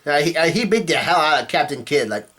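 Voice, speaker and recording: A man's voice: fairly high pitch, animated, fast, a bit bright. A man chatting casually as a vlogger, recapping a comic chapter in a rambling way with lots of fillers. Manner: rambling with many fillers and restarts.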